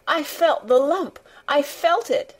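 A woman voicing a fierce, bossy little girl who shouts and scolds. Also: mid-range voice, expressive, unhurried. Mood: furious.

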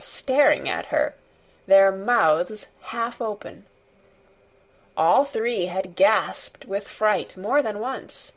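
A woman narrating a classic children's storybook in a measured, deliberate way. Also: mid-range voice. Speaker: reader. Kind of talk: audiobook narration.

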